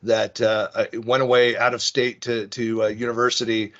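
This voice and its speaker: A man's voice: medium pitch, level tone, normal speed, a bit bright, lo-fi sound. A man with a Western US Bay Area accent giving an online presentation, rambling and self-deprecating, with many fillers and restarts. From San Francisco Bay Area. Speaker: conference speaker. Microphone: video call.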